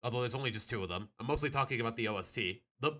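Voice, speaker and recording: A man live-streaming his reactions to videos in casual, animated chat, groaning and laughing as he goes. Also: medium pitch, very fast.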